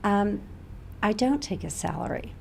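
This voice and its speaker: A middle-aged woman with a gravelly, fry-tinged voice speaks as an interview guest, earnest and sometimes dropping to a softer tone. There is a faint hiss of background noise behind her. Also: mid-range voice, expressive, unhurried. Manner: earnest, grows tearful and soft-spoken at times. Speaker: med spa owner and guest. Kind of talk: emotional interview conversation.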